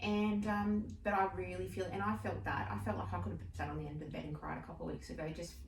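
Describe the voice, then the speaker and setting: A woman's voice: lowish voice, flat delivery, quick pace, gravelly. A middle-aged woman co-hosting a casual podcast, talking in an easygoing, affectionate way with her friend. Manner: warm, affectionate, calls her friend babe. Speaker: podcast co-host. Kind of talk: casual chat. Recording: roomy, distant mic with faint background hiss.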